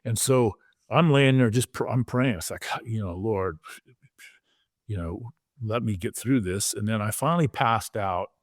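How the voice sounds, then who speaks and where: A man in his sixties, a former pro football player, telling a story on a podcast in a vivid, animated way and acting out the quoted lines. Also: fairly low pitch, unhurried, no room sound, studio quality.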